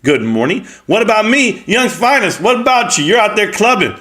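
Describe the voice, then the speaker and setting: A man's voice: high-pitched, sing-song, normal speed, pushed and bright. A man hosting a live stream, chatting casually and reading viewer comments aloud with joking banter and frequent laughs.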